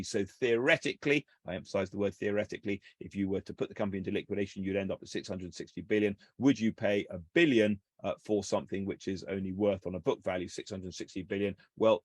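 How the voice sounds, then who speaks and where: A man talks through a company's numbers in a loose, conversational way, often stopping and restarting with fillers. His voice sits low and sounds dry and close, with little room around it. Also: fairly even intonation, a little fast, few pauses, a little mellow, dry recording. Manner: hesitant, many fillers and restarts. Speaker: co-host analysing company finances. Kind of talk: casual explanatory commentary.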